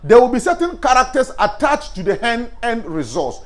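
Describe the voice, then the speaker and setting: Male Islamic teacher, high lively voice, call-and-response lecturing. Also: normal speed. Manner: animated, asks the class questions and answers them himself. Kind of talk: classroom lecture.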